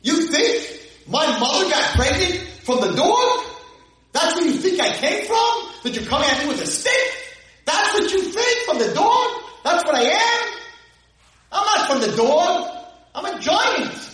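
A man's voice: very high voice, big pitch swings, unhurried, voice pushed up, full character voice. A man voicing a scornful giant warrior who jeers at a small boy, in a raised, mocking voice, recorded in an echoey room from a distance. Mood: scornful taunting. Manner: mocking, jeering, shouted taunts.

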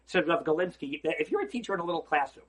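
A man teaching a holiday Torah lecture as a rabbi. He is emphatic and preacherly, asks rhetorical questions, and swings between loud exclamations and quiet asides. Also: a little high, animated, quick pace, husky.

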